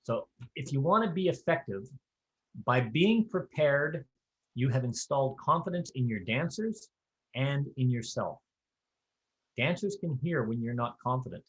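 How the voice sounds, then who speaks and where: A square dance caller teaches other callers in a conversational, hands-on lesson, sprinkled with folksy asides and offhand humor. His medium-pitched voice is animated but a little slow. The sound is lo-fi.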